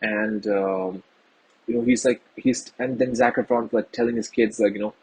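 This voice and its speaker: Very husky-voiced man reviewing a film. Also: on the low side, steady tone, moderate pace, poor audio. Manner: loose and rambling with many fillers, earnest. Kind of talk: casual movie review.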